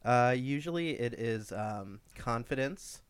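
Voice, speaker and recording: A man talking as a podcast guest, deadpan and full of absurd bits. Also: mid-range voice, takes it slowly, clean tone, dry recording. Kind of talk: casual comedic chat.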